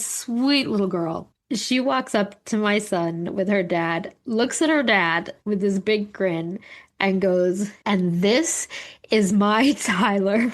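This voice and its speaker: Woman co-host, slow relaxed delivery, casual chatty storytelling with frequent laughs and swearing. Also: mid-range voice. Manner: laughs often while telling stories, swears casually. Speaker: podcast co-host.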